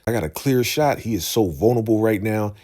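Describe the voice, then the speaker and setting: A man's voice: lowish voice, animated, fairly quick, darkish tone, pitched above the performer's own voice, lightly acted. Man playing a pushy henchman itching to strike. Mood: insistent. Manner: insistent, urging. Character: pushy male henchman urging an attack.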